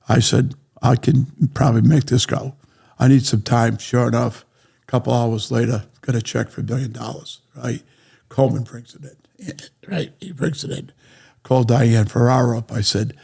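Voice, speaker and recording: A man with a New England accent, telling a long business story on a podcast and acting out everyone's lines as he goes. His voice is gravelly, with a husky edge. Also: mid-range voice, normal speed. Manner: animated anecdotes, acting out other people's lines. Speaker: real estate developer.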